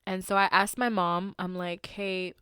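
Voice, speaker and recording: A woman's voice: medium pitch, fairly even intonation, moderate pace, pushed and bright, clean tone, no echo, studio quality. A woman hosting a podcast, telling a story in a casual, rambling way with lots of fillers and flaring into heated indignation. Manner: heated and indignant when riled. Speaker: podcast host.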